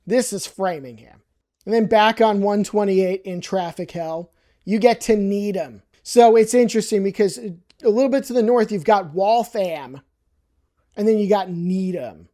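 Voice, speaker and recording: A person from New York casually explaining place-name pronunciations, wry and emphatic, repeating words slowly for emphasis. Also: mid-range voice, dark tone.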